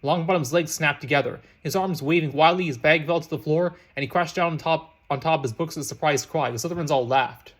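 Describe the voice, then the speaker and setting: Male story reader; fast, slightly high, frequent restarts. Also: a bit bright. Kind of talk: reading fan fiction aloud.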